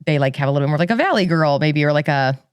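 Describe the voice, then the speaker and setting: Fast-talking Chicago woman, low voice. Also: lively intonation, clean tone, no room sound. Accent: Midwestern American (Chicago). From Chicago, US Midwest. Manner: chatty, laughs often, many fillers. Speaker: guest. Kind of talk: casual podcast chat.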